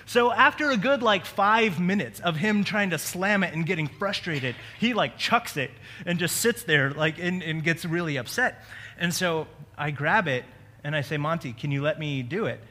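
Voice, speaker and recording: Preacher, male, high bright voice, chatty sermon with quips, long hall reverb. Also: lively intonation, moderate pace. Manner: conversational preaching with joking asides. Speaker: pastor.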